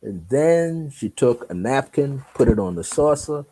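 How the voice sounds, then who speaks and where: A man's voice: medium pitch, lively intonation, a little slow, warm tone, breathy edge. A man telling a personal story as an interview guest, acting out the dialogue and laughing often.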